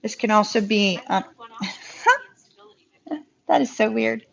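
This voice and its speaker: Southern woman tarot reader, bright higher voice, warm chatty reassurance, muffled live-stream sound. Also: takes it slowly, creaky. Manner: chatty, reassuring, laughs often. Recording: dull lo-fi live-stream audio.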